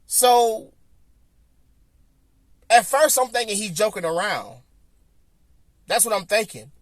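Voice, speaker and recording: A man with a Southern US accent hosting a podcast, telling a personal story in casual chat, animated and repetitive, acting out what people said. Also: sits high, moderate pace, no echo, clean studio sound. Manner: animated, repeats himself, acts out quotes. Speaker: podcast host.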